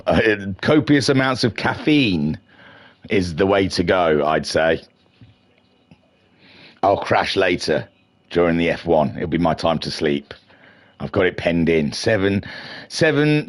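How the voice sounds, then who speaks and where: Man, middle-aged stream host, low voice that jumps all over, chatty and self-mocking. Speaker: league race stream host. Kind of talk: casual live-stream race commentary.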